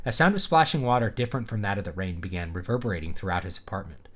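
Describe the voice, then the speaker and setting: A man's voice: deep voice, expressive, very fast, a bit bright. A man reading a novel aloud on a livestream, mixing in wry, casual asides. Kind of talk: casual live reading with chat banter.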